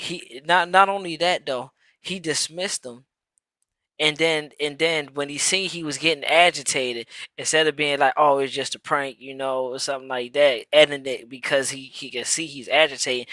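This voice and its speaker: A man talking on a casual live stream, his voice bright and forceful. He speaks in slang and circles back over his words as he works toward a point. The sound is dry and close, with no room echo. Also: on the high side, moderate pace. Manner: repeats words while building a point, slangy. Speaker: podcast co-host.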